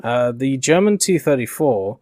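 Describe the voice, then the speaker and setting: A man's voice: medium pitch, animated, measured pace, darkish tone, dry recording. Dry-sounding British man, chatty commentary. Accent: softened middle-class British. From Yorkshire, England. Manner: conversational and rambling, frequent uh fillers. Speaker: gaming video commentator. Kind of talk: casual spoken commentary.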